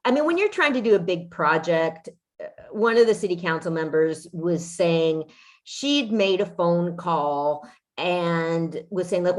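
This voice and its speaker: A woman's voice: on the low side, measured pace. Indignant, swearing woman podcast host. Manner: indignant, swearing, frequent restarts. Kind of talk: casual chat.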